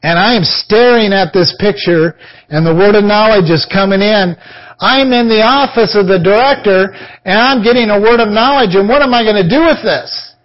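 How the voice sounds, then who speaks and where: On a podcast, a man with a high-pitched voice preaches at normal speed, telling a personal testimony as a story. He animatedly acts out the voices of the people involved, though the audio sounds dull.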